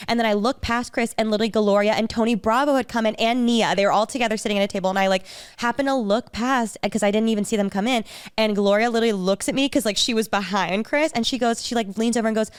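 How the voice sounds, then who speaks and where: A woman's voice: fast, clean tone, dry recording, clean studio sound. A young woman co-hosting a podcast, telling gushing stories in casual chat and acting out the voices of the people she quotes. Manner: gushing storyteller, acts out quoted voices with big pitch jumps. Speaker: podcast co-host.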